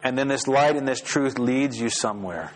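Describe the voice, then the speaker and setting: A man preaching a sermon as pastor, lively and rising sharply in pitch when he voices the prayers. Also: normal speed, poor audio. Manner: animated, rises sharply when voicing prayers. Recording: faint mains hum.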